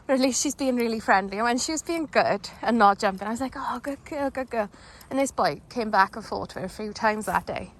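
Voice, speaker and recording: A woman's voice: medium pitch, a little fast, poor audio. Chatty woman on a dog walk. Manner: chatty, rambling with many fillers, talks to her dogs in between. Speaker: dog owner vlogger. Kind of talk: casual chat while walking dogs. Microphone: handheld phone camera. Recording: phone video outdoors with clear background noise.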